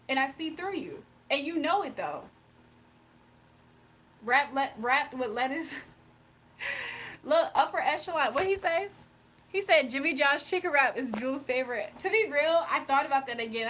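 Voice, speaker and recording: A woman's voice: high voice, expressive, moderate pace, fairly bright tone, slight background noise. A young woman on a livestream, reading viewer comments aloud and answering them bluntly and confrontationally. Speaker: livestreamer giving spiritual readings.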